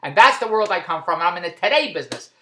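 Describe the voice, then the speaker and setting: A man vlogging about his day at a shopping mall, rambling and repetitive, breaking into loud plugs for his business. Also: high voice, very animated, racing, roomy sound. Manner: repetitive, tangential, with loud self-promoting plugs. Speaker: vlogger and online business owner. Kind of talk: rambling casual vlog.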